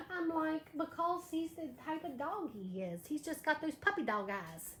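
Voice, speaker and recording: Lady chatting thru a live craft demo, high voice, echoey room, kinda gushy. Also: expressive, measured pace, fairly bright tone. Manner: chatty, gushing, greets viewers by name. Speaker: live craft show host. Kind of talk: live wreath-making tutorial, reading viewer comments. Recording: echoey room with faint background noise.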